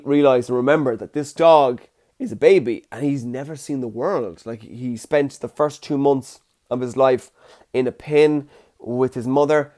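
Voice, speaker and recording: A man's voice: medium pitch, mellow. A young man, hosting a casual solo podcast with chatty, jokey storytelling. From Ireland. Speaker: podcast host.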